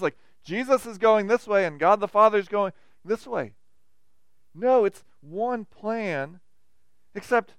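A man's voice: sits high, fairly bright tone, clear, resonant tone, no room sound. A man, a pastor, delivering a sermon with rising and falling emphasis.

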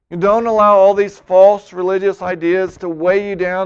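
Man, pastor, sermon, high voice, earnest, quotes in voices, muffled recording. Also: normal speed, vocal fry, hardly any pauses, clean tone. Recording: dull lo-fi recording.

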